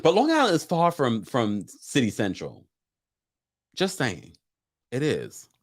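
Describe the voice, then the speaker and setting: A man with a lively, swinging voice hosts a live recap of a TV show. He talks casually and with emphasis, and he comes back to his points again and again. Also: medium pitch, slow pace. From Jamaican family. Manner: animated, emphatic, repeats points. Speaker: show host.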